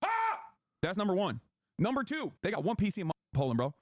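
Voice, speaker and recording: Male streamer, high voice, quick fire, animated and profane rants, dry close sound. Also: dry recording. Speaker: streamer host. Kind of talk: casual stream chat.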